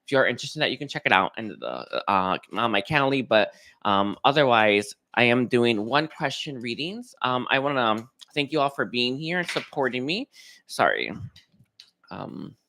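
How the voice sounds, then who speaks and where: A man hosting a spiritual livestream, talking casually and hesitantly with many pauses and restarts. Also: mid-range voice, lively intonation, sharp tone. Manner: hesitant, lots of ums and restarts. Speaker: psychic reader hosting a livestream.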